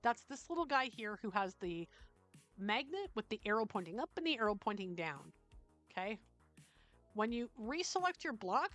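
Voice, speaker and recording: Canadian woman walking you through a build tutorial, chatty, keeps asking okay?, soft music under it. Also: mid-range voice. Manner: chatty, checks in often with "okay?". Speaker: tutorial host. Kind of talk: screen-recorded software tutorial.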